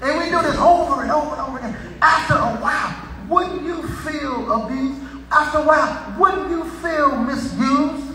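High-voiced preacher in an echoey hall. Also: male voice, normal speed, distant mic, a little hiss or hum. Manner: builds to shouted repetitive crescendos. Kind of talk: sermon. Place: church sanctuary.

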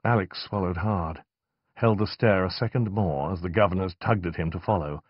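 A man narrating a fantasy novel in a measured, expressive reading. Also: sits low, no room sound, dull audio. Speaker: audiobook narrator. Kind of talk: scripted narration.

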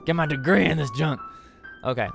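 A man's voice: a little high, a little fast, gravelly, music in the background. Young man rambling over gameplay. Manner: rambling, stammering restarts, enthusiastic. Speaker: let's play host. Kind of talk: casual gameplay commentary.

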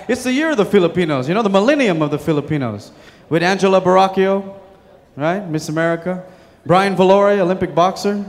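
A man's voice: sits high, a little fast. A man emceeing a live comedy show, pumping up the crowd between jokes. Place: hotel showroom stage. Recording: reverberant hall with crowd.

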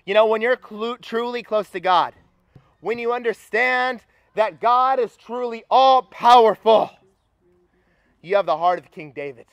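A young adult man preaching a sermon at a campus retreat, energetic and rallying the crowd. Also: very high voice, unhurried, no room sound, dull audio.

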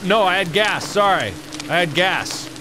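Animated man chatting over noisy game. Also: unhurried. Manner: animated, joking, swings from loud yelps to low mutters. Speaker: host. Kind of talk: casual co-op gaming chat. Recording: noisy game audio mix.

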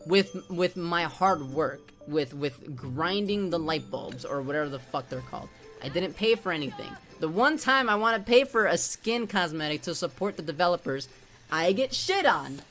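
A man's voice: fairly high pitch, expressive, normal speed, hardly any pauses, fairly bright tone, faint music behind. Angry, profane man venting on stream. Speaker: gaming streamer. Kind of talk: live-stream rant.

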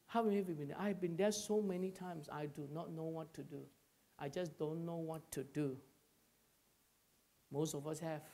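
A man preaching a sermon, swinging between loud rises and hushed drops and calling out to the congregation. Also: fairly high pitch, fairly even intonation, normal speed, creaky. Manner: calls to the congregation. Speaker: pastor. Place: church.

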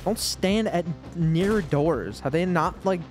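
A man's voice: on the high side, lively intonation, slow, a little mellow, soft background music. Foul-mouthed exasperated gamer guy. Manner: profane, rambling, full of "like" fillers; exasperated, mocking the game characters. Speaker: gamer playing through his backlog. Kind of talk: casual gameplay commentary.

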